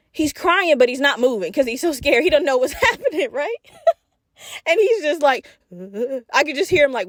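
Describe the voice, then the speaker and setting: A woman's voice: a little high, no room sound, clean studio sound. A woman in her twenties hosting a podcast, telling a story animatedly, cursing freely and talking straight to her listeners. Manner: animated, profane, addresses listeners directly. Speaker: podcast host. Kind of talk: casual storytelling.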